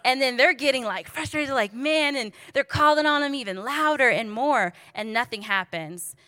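A woman's voice: high voice, moderate pace, no room sound. A woman preaching in a casual, storytelling way, joking and talking straight to her listeners. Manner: lively, joking, addresses the audience directly.

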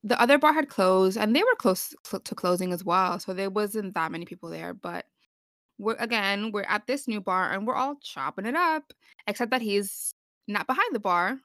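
Bright-voiced young woman telling stories. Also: mid-range voice, lively intonation, moderate pace, no room sound, clean studio sound. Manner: chatty storytelling, laughs often. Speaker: podcast co-host. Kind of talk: casual chat.

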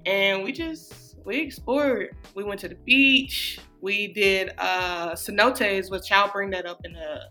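A woman's voice: mid-range voice, slow, hardly any pauses, sharp tone, faint music behind. A woman, chatting casually as a podcast co-host, rambling and laughing often. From Atlanta, USA. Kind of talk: casual chat.

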